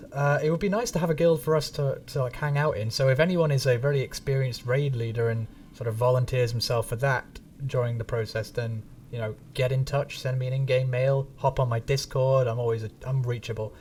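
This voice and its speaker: A man's voice: mid-range voice, darkish tone, distant mic, slight background noise. A man from England with a neutral English accent, chatting casually and rambling while streaming a game, swearing now and then. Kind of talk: casual gaming stream chat.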